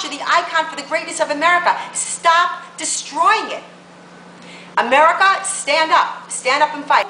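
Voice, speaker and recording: A woman's voice: sits high, pushed and bright, echoey room, a little hiss or hum, rough recording. A woman political blogger delivering a combative rant to camera, full of emphatic rhetorical questions.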